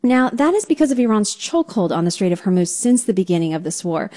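Female reporter walking through the story calmly, kinda dark relaxed voice. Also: medium pitch, quick pace. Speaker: international correspondent. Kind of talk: news interview answers.

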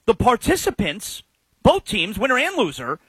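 A man hosting a sports talk radio show, giving his opinions in an animated way. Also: sits high, moderate pace, husky, dry recording.

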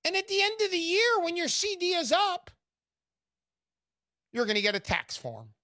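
A woman giving an emphatic, mocking sales pitch, making her case with scorn and punchy asides. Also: sing-song, normal speed, bright, forceful tone, dry recording, clean studio sound. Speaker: gold investment promoter.

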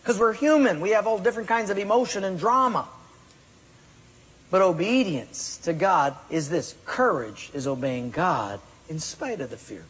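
A man's voice: high voice, animated, normal speed, a bit bright, breathy edge. A pastor preaching a sermon with emphatic delivery, now and then acting out his listeners' excuses. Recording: voice in a large reverberant hall.

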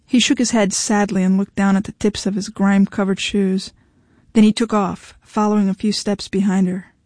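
A woman reading a novel aloud in measured storytelling narration. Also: medium pitch, little pitch movement, a little mellow, no room sound, clean studio sound. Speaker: audiobook narrator. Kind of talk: scripted narration.

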